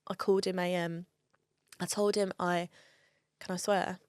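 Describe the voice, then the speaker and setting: A woman's voice: on the low side, level tone, unhurried, a little mellow, clear, resonant tone, no room sound, clean studio sound. A woman telling a personal story in an interview, candid and emotional and swearing freely. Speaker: guest.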